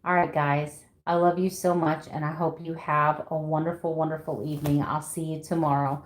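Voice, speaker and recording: A woman in her fifties talks casually to her livestream viewers from home, laughing often and greeting them by name. Her voice sits a little low. The room around her gives a noticeable echo. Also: level tone, moderate pace. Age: 50s. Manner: chatty, laughs often, reads out viewer names. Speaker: keto vlogger. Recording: echoey room.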